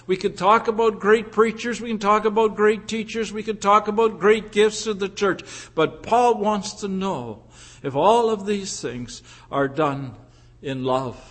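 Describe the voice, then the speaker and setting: A man preaching a sermon in an earnest, measured way, repeating key phrases for emphasis. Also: high-pitched, fairly bright tone.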